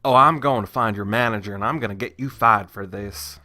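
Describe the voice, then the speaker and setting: A man voicing a rude, demanding female shopper in a put-on Southern accent, loud and pushy. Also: on the low side, a little fast. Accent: fake Southern US. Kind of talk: narration with voices.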